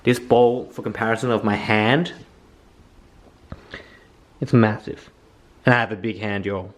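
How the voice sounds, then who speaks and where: A young man narrating a casual home cooking vlog in a chatty, excitable way, swearing freely. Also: lowish voice, a little slow. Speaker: vlogger. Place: home kitchen.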